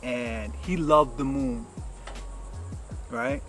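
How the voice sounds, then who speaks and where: A man's voice: medium pitch, big pitch swings, extremely slow, gravelly, a bit bright, soft background music, poor audio. A man giving casual life advice in a rambling, reflective monologue with lots of fillers.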